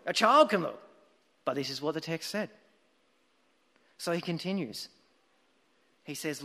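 A man's voice: fairly high pitch, takes it slowly, long pauses, fairly bright tone, long reverb tail. A man preaching a sermon, telling a story earnestly and with emphasis.

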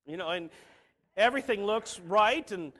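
A middle-aged man preaches in a voice that sits high and leaps all over the place. He drops to soft, almost confiding asides, then rises to emphatic, ringing declarations. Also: lively intonation, moderate pace. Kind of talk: sermon.

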